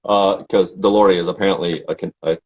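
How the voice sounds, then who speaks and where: A man's voice: deep voice, steady tone, brisk, noisy background. A middle-aged man from Tennessee, an opera singer chatting casually and telling stories with lots of fillers and restarts. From Tennessee, USA. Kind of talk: casual chat.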